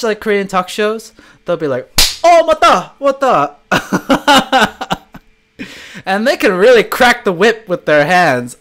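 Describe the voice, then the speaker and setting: Animated man chatting on a livestream. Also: high voice. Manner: animated, laughs often, jokey. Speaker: livestream host and swim teacher. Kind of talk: casual livestream chat reading comments.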